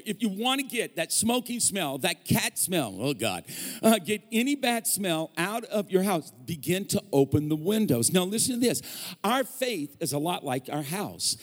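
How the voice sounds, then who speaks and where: Joking pastor preaching in a big hall. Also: male voice, sits high. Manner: humorous, storytelling preacher with call-and-response. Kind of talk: sermon. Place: large church hall. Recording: long hall reverb.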